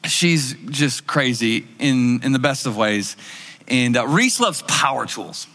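Mężczyzna, pastor wygłaszający kazanie w żywym, gawędziarskim stylu, nagrany z długim pogłosem dużej sali. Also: male voice, medium pitch, slow pace, big-room sound. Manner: lively conversational storytelling with acted-out quotes. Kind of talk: sermon.

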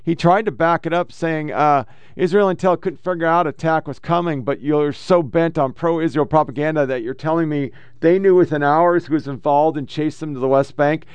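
A man's voice: a little high, moderate pace, clean tone, dry recording. A man hosting a political podcast, ranting with heavy profanity and reading posts aloud. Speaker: podcast host.

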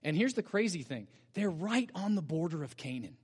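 A man preaching from the pulpit in a voice pitched a bit above most men's. He retells the story with animated energy and keeps throwing rhetorical questions at the congregation. His words ring out with a long trailing reverb, as in a church hall. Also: normal speed, husky. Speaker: pastor. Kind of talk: sermon. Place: church sanctuary.

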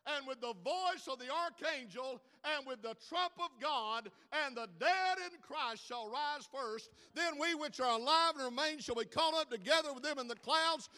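A man preaching a sermon, swelling to dramatic loud peaks. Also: extremely high pitch, normal speed, hardly any pauses, long reverb tail. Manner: preaching with dramatic rises in volume.

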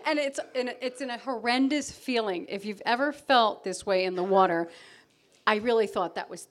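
A woman's voice: medium pitch, expressive, brisk. A middle-aged woman telling a self-mocking story live on stage before an audience, acting out her own panic.

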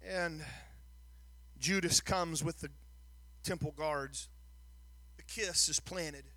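High, bright-voiced preacher man, dry sound. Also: slow pace, long pauses, no room sound. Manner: dramatic storytelling, rising to sing-song emphatic preaching; repeats words when building up. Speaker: pastor. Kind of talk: sermon.

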